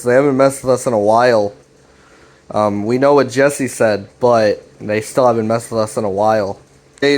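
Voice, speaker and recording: A man's voice: mid-range voice, darkish tone. A young man casually recapping a web series, retelling the dialogue loosely with fillers and restarts.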